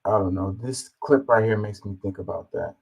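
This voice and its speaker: A man's voice: lowish voice, moderate pace, vocal fry, darkish tone, muffled recording. A man hosting a reaction video, commenting casually and rambling as he thinks aloud, with many fillers.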